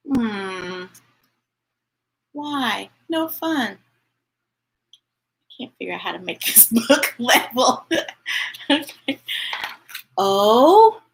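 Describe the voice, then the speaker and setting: A woman hosting a live storytime, talking to kids and viewers in a playful, animated way and laughing easily. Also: a little high, poor audio. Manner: animated and playful, talks to children and reads chat messages; laughs easily and gets emotional. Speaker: children's storytime host. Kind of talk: live read-aloud storytime chat.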